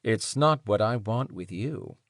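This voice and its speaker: A man voicing a smooth-voiced, mysterious male captor who speaks with calm condescension. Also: lowish voice, dry recording, studio quality. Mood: cold. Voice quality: smooth, hushed. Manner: measured, condescending.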